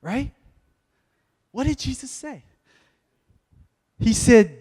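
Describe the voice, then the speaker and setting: High-pitched preacher, slow sermon pace, reverberant church hall. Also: male voice, expressive. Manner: calls to the congregation, loud rising exhortation. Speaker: pastor.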